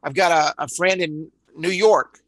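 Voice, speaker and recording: Man, texan accent, bright and fairly high voice, dry close sound, rambling sales trainer. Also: measured pace, no room sound, low-quality recording. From Dallas, Texas. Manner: rambling, repeats words, frequent uhs. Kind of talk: live webinar training.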